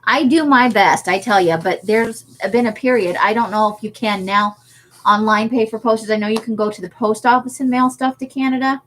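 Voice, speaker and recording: A woman's voice: on the high side, brisk, a bit bright. Chatty woman hosting a craft livestream. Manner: chatty, laughs often, reads and answers viewer comments. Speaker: livestream host. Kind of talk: casual livestream chat.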